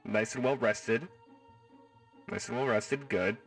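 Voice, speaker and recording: A man's voice: medium pitch, slow pace, creaky, fairly bright tone, far from the mic, soft background music. A man hosting a casual live stream from home, reading chat in a playful, jokey way and swearing freely.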